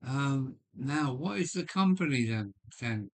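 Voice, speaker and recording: Older man, kent accent, unhurried, rambling casual chat, mid pitch. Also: lively intonation. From Kent, England. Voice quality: slow and rambling, with frequent restarts and fillers. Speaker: livestream host. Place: home loft.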